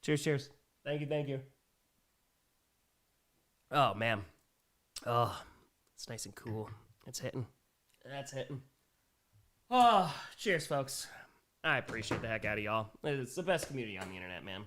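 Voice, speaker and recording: A man in his thirties hosting a casual live-stream Q&A, chatting in a relaxed way with lots of fillers. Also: medium pitch, measured pace, pauses often. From United States. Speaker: streamer host.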